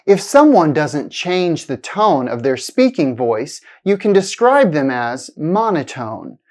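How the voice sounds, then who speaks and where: Woman, pronunciation teacher, low voice that swoops up and down, deliberate scripted delivery. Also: big pitch swings, a little mellow. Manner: clear, deliberate, exaggerated intonation in examples. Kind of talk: scripted lesson narration.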